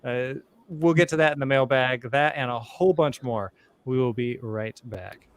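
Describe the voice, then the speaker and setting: A man's voice: mid-range voice, moderate pace, clean tone. A man hosting a casual podcast, jokey and rambling, often breaking off mid-thought. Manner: jokey, rambling, self-interrupting. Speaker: podcast host.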